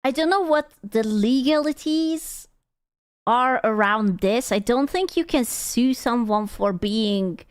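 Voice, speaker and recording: A woman streamer giving animated, blunt reaction commentary, swearing freely. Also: a little high, takes it slowly, clean tone, no echo. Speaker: VTuber streamer reacting to a clip.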